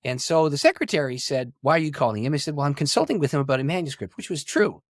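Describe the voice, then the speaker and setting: A middle-aged man, a pastor and author, telling a long story in an interview with animated delivery, acting out quoted dialogue and laughing often. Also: a little high, fast talker, dry recording, clean studio sound. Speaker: pastor and author, podcast guest.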